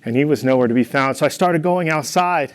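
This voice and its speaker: A young man delivers a devotional talk in a fairly high voice. He tells a funny personal story with playful energy, then turns earnest and encouraging. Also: brisk, clean tone. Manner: storytelling with playful humor, animated in anecdotes.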